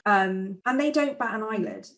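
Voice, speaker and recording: A woman co-hosting a podcast in casual chat, retelling scenes with lively quoted voices. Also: mid-range voice, moderate pace. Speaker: podcast co-host.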